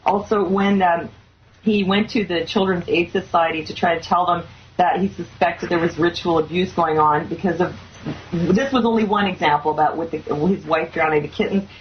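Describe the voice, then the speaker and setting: A woman's voice: on the low side, steady tone, normal speed, slight background noise. A woman hosting a talk show, recounting a guest's story earnestly with many fillers. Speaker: host. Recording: slightly dull lo-fi sound.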